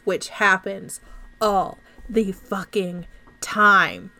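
Woman, young adult, high-pitched, animated, sarcastic, casual podcast recap. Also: a little slow. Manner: animated, sarcastic, swears often. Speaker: podcast co-host. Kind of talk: casual movie recap chat.

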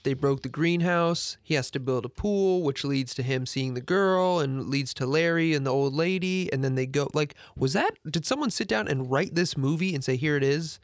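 A man's voice: fairly high pitch, normal speed, few pauses, dry recording, studio quality. A man co-hosting a podcast, rambling in casual chat and sounding exasperated about a film's flaws, with many restarts. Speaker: podcast co-host. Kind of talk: casual movie review chat.

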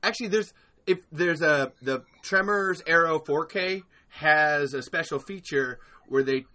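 A man chatting casually as a podcast guest, animated, profane and quick to laugh. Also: on the high side. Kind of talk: casual chat.

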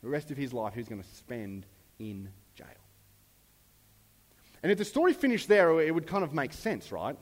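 A man preaching a sermon in a relaxed, conversational way, briefly acting out the lines of the people in the story. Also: medium pitch, moderate pace, long pauses, in a large hall. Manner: conversational, acts out characters' lines. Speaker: pastor.

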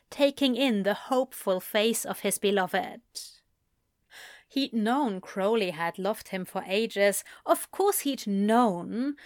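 A woman reading fan fiction aloud in a soft, unhurried storytelling manner. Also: medium pitch, no echo, clean studio sound. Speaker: reader.

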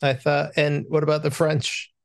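A man's voice: fairly high pitch, monotone, normal speed, no echo, studio quality. A man co-hosting a film podcast, joking in a casual, self-deprecating way. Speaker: podcast co-host.

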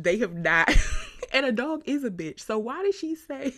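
A woman hosting her own podcast, telling stories in an animated, chatty way with frequent laughter. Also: on the high side, moderate pace. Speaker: podcast host. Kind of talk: casual podcast monologue.

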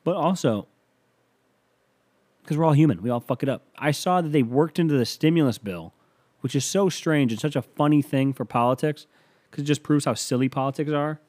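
A man's voice: on the high side, brisk, a little mellow. A man hosting a solo comedy podcast, delivering a rambling, sarcastic monologue full of swearing. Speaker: podcast host.

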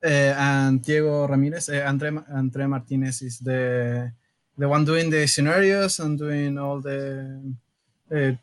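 A man, a game developer, answering interview questions hesitantly with many pauses and restarts. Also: mid-range voice, fairly even intonation. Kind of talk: casual interview chat.

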